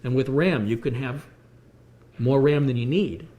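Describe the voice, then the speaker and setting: A man's voice: mid-range voice, unhurried, mellow, slight background noise. An American man hosting a live computer repair stream, explaining hardware with everyday analogies as he answers viewer questions. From United States. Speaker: computer repair livestream host.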